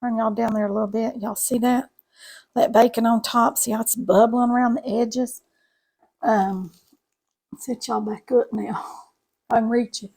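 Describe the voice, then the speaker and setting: A woman's voice: fairly high pitch, steady tone, unhurried, gravelly, long pauses, darkish tone, slightly rough. A middle-aged woman, chatting folksily to viewers while cooking in her home kitchen. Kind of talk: casual cooking chat to camera.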